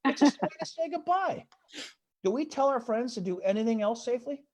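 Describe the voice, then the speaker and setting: A man's voice: extremely high pitch, lively intonation, fairly quick, darkish tone. A man doing a stand-up set over a video call, rambling through stories and often swearing it's true. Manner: rambling storytelling, repeats "I swear to God". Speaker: stand-up comedian.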